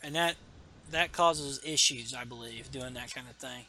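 A man's voice: mid-range voice, moderate pace, a crowd in the background. A man hosting a podcast, recapping a comic book in casual chat with rambling asides and many fillers. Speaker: podcast host.

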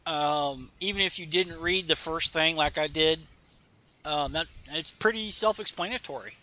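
Podcast host, male, bright sharp timbre, loose rambling delivery with fillers. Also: a little high, moderate pace. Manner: rambling, many fillers, reads dialogue aloud. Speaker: podcast host reading a comic aloud. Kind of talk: casual comic book recap. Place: home.

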